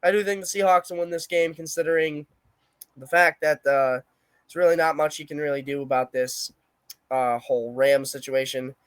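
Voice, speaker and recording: Young guy cohosting a sports podcast, pretty high voice, brash and mouthy, dry close sound. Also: fairly even intonation, normal speed, clean tone, no echo. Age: young adult. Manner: brash, opinionated trash talk. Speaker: podcast co-host. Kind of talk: casual sports chat.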